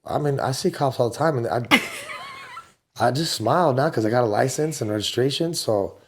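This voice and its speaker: Laid-back slangy man in his forties. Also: fast talker. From United States. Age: 40s. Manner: animated storyteller, jumps up high for quoted voices. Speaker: podcast guest. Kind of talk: casual storytelling.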